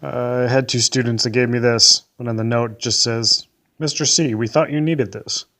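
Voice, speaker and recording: Bright-voiced young man telling dry stories. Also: medium pitch, fairly even intonation, normal speed. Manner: dry, self-mocking humor. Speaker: school teacher. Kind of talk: casual storytelling to camera.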